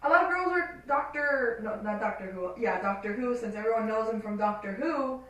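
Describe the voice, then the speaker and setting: A woman's voice: a little high, lively intonation, fairly quick, a bit bright. A woman guest in a casual panel chat, talkative and laughing often. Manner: chatty, laughs often, trails off and restarts. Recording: roomy echo, distant mic.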